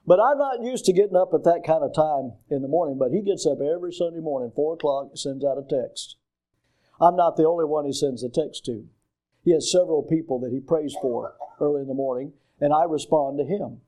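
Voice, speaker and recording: An older man preaching a sermon as pastor, emphatic and deliberate, asking the congregation questions. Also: mellow. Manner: preaching with call-and-response questions; slow, emphatic phrasing with rising and falling pitch.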